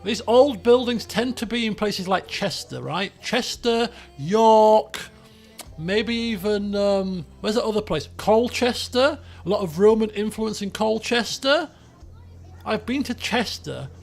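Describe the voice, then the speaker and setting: A man's voice: high voice, animated, unhurried, creaky, soft background music. A man commentating a guessing game on a live stream, chatty, thinking aloud and laughing often.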